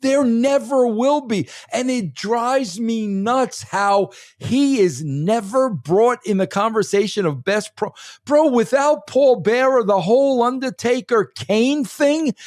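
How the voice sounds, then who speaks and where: A man's voice: extremely high pitch, no room sound, studio quality. A man being interviewed on a podcast, talking in an emphatic, rambling casual way and calling the host "bro" again and again. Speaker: former wrestling head writer, guest.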